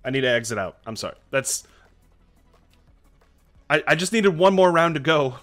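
A man streaming a video game live, reacting excitably and chatting to his viewers. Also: a little high, normal speed, faint music behind. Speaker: Twitch streamer.

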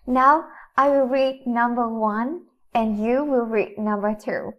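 A woman with a Vietnamese accent, a native Vietnamese speaker teaching an English lesson to children in a slow, deliberate, instructive way. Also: fairly high pitch, fairly even intonation, a bit bright.

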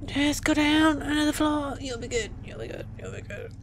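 This let's play gamer has a high voice with huge swings in pitch, talking at a moderate pace over slight background noise. She curses, jumps and cracks jokes as she narrates her way through a horror game.

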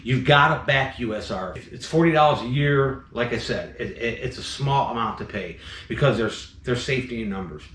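A man's voice: mid-range voice, expressive, normal speed, fairly bright tone, echoey room, slight background noise. A man who breeds venomous snakes, ranting bluntly in a vlog, fired up and repeating himself. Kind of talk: impassioned vlog rant.

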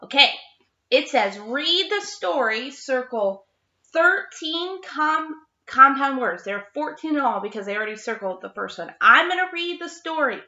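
A woman teacher reading a story aloud to young children and walking them through their seatwork, spelling out words slowly and clearly. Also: sits high, lively intonation, pushed and bright, echoey room, dull audio. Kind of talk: remote classroom lesson for young children.

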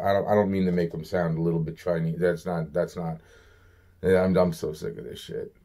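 A man's voice: low voice, fairly even intonation, brisk, mellow. A man giving a rambling, profane solo rant, exasperated and repeating himself often. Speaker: vlogger.

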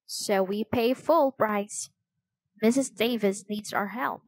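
A woman's voice: mid-range voice, slow pace, a little mellow, dry recording. A woman voicing a friendly, easygoing young boy in a children's storybook reading. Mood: cheerful. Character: boy, cheerful and polite.

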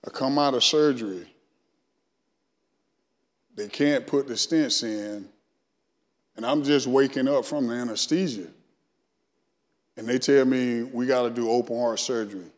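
A man's voice: mid-range voice, unhurried, long pauses. A middle-aged man from Alabama with a Southern accent, telling his testimony as a guest speaker in a church sermon, acting out his own past dialogue. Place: church sanctuary. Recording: long church reverb.

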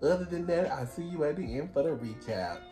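A man hosting a casual reaction video, talking in an excitable, gushing, slangy way. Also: on the high side, a little fast, faint music behind. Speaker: reaction channel host.

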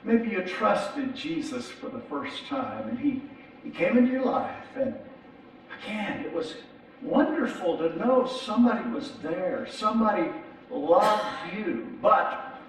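A man's voice: high-pitched, animated, a little slow, creaky. A middle-aged man preaching a sermon as pastor, talking conversationally and often repeating his words as he restarts. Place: large church sanctuary. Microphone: distant from the mic. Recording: echoey church hall from far off.

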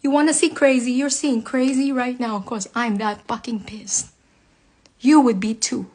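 A woman with a notably high voice talks straight to camera, blunt and impassioned. Her speech is heavily profane and personal, in the manner of an unscripted rant to her followers. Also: fairly even intonation, unhurried, a little mellow. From United States. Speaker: vlogger speaking to viewers.

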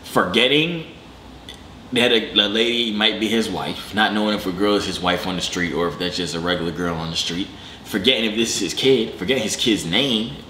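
A young man hosting a reaction video, joking in slangy casual commentary with sudden excited jumps in pitch. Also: fairly quick, roomy sound, a little hiss or hum.

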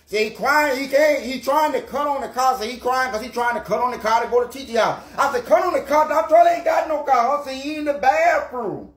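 An actor playing an older Southern granddad with a Gullah Geechee accent, rambling and stammering through comedy stories. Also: male voice, extremely high pitch, a little fast, few pauses, reverberant.

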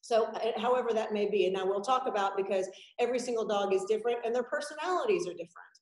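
A woman dog trainer teaching an online class in a chatty, animated way, talking over a video call. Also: medium pitch, fast talker, reverberant, rough recording. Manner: chatty and animated, acts out puppies and dramatic yelps. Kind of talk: informal online class lecture. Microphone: video call microphone.

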